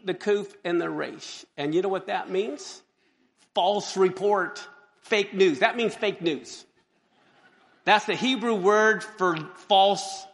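Animated joking pastor, man, gravelly voice, preaching in a reverberant sanctuary. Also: high-pitched. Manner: animated, joking, exclaims and laughs often. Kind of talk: sermon. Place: church sanctuary. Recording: long hall reverb.

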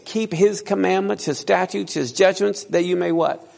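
Gravelly high-voiced man preaching in a hall. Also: normal speed, a little mellow. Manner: asks the audience questions and reads scripture aloud. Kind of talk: sermon. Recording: long reverb in a hall.

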